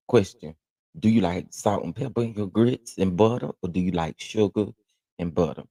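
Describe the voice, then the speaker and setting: A man from Texas with a Southern accent, hosting a casual morning livestream, chatting and reading viewer comments with lively, laughing exclamations. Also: normal speed, no echo, clean studio sound. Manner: animated, laughing, jumps into high exclamations. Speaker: livestream host.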